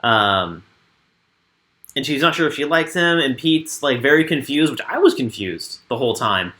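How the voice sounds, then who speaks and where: Bright-voiced man co-hosting a recap. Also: medium pitch, lively intonation, normal speed. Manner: reads from his notes, dry commentary. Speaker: co-host. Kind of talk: casual recap chat.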